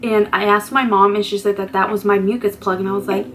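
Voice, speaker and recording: A woman's voice: mid-range voice, level tone, quick pace, slight background noise, low-quality recording. A young woman vlogger telling a personal story in a casual, chatty way, full of "like" fillers, candidly acting out what people said to her. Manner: candid, acts out quoted exchanges.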